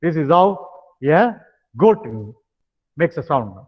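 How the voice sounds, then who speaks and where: High-voiced older Tamil-accented instructor, slow. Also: male voice, animated. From India. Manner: instructive, tags many phrases with "now", hesitant fillers. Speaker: stress management instructor. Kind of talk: lecture with guided exercises. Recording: dull sound with long hall reverb.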